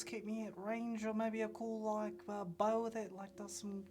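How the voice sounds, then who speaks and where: A woman's voice: mid-range voice, steady tone, a little slow, music in the background. A woman player in a tabletop game, talking in character in a hesitant, playful way full of fillers.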